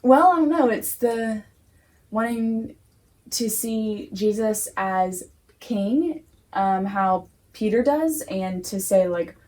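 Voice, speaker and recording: A woman co-leading a casual Sunday school discussion, playful and quick to laugh. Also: mid-range voice, animated, darkish tone.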